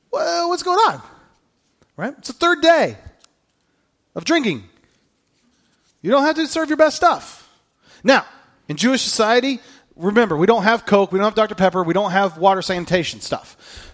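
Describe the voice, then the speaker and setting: A man preaching a sermon, telling the story in an animated way, with jokey asides and acted-out quotes. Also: high voice. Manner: acts out the quoted lines. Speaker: pastor.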